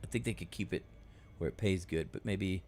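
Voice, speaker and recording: A man's voice: deep voice, a little fast, darkish tone, a little hiss or hum. A man casually chatting on a live stream while he plays, rambling along with plenty of fillers. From United States. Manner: rambling, laid-back, many fillers. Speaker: game streamer.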